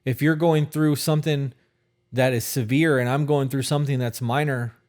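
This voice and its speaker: A man's voice: medium pitch, steady tone, moderate pace, darkish tone. A man co-hosting a podcast in casual chat, blunt and emphatic with heavy swearing. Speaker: podcast co-host.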